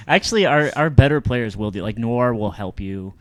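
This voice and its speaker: A man's voice: mid-range voice, expressive, normal speed, crowd noise. A young man hosting a podcast with casual, joking and crude banter. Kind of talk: casual chat.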